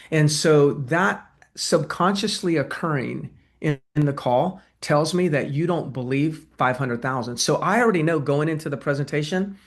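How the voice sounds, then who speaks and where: A man coaching real estate agents in a webinar, talking conversationally and acting out sales calls. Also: on the high side. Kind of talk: webinar presentation and Q&A.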